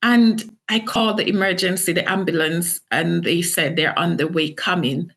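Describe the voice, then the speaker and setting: A woman's voice: lowish voice, normal speed, fairly bright tone. A middle-aged woman from Jamaica, earnestly and emotionally telling her own story in an interview. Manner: earnest, emotional retelling with acted quotes. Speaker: author and interview guest. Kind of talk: personal story told in an interview.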